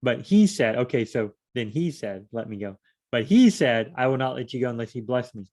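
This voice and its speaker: A man with a middle-range voice works through scripture on his own. He reads a passage aloud, then stops to puzzle over it in a relaxed, conversational way. The tone is an informal solo study rather than a sermon. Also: mid-range voice, moderate pace. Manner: reads verses aloud then muses and questions them conversationally. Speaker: Bible study teacher. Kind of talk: casual Bible study reading and commentary.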